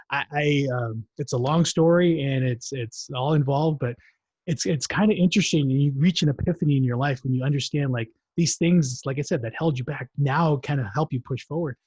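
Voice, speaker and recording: A man's voice: on the high side, fairly quick, a little mellow, husky, no echo. A man hosting a live-streamed interview show, chatty and rambling with lots of fillers. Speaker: show host. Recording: dull, dry sound.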